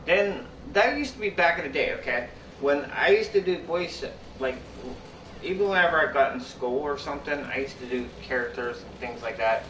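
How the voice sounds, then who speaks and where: A man's voice: a little high, moderate pace, a bit bright, a little hiss or hum. A young man live-streaming, chatting casually to his viewers in a rambling, repetitive way that keeps restarting its sentences. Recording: echoey room, far from mic.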